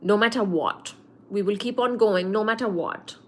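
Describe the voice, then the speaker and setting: A woman's voice: mid-range voice, normal speed. A woman hosting a late-night livestream, chatting and greeting viewers by name before explaining cosmology with many fillers. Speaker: livestream host teaching physics.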